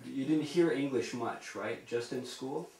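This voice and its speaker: A man interviewing, who asks his questions haltingly and repeats himself. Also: mid-range voice, a little mellow. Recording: roomy room sound.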